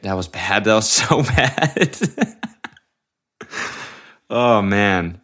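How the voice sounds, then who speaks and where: Laid-back deep-voiced man rambling on a podcast. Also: lively intonation, very slow, long pauses, fairly bright tone. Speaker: podcast host. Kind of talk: casual solo podcast chat. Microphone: headphones on, studio mic.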